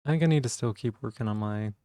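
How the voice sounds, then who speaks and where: A man streaming live in casual chat, soft-spoken and rambling as he reads the chat aloud. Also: medium pitch, quick pace, no echo, clean studio sound.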